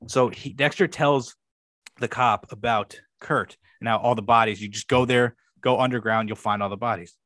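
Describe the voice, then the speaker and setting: A man's voice: mid-range voice, fairly even intonation, normal speed, fairly bright tone, no room sound. A young man co-hosting a podcast, rambling through a show recap in casual chat, swearing freely and acting out quoted lines. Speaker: podcast co-host.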